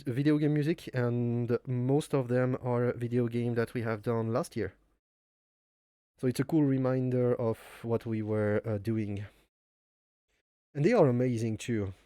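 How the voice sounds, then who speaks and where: A Frenchman with a nasal voice and a French accent chats casually in non-native English on a cooking live stream from his home kitchen. His medium pitch is mellow, clear and resonant, captured as clean studio sound with no room noise. He rambles, jokes about himself and chuckles often.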